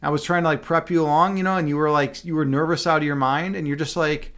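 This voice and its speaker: A man's voice: a little high, fairly even intonation, fast talker. A man chatting casually on a livestream as a chess instructor. He rambles and fills his talk with "like" and "you know". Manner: talks loudly at times.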